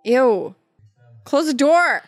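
A woman making wry, drawn-out comments as she watches a film with a friend. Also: high voice, animated, no echo. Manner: unhurried, wry, drawn-out reactions. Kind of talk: casual watch-along commentary.

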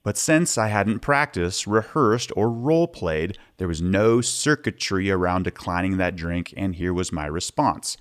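A man's voice: sits low, animated, measured pace. A man hosting a podcast, talking candidly as he shares personal stories and practical tips. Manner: candid, plain-spoken storyteller. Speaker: podcast host. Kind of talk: podcast monologue giving tips.

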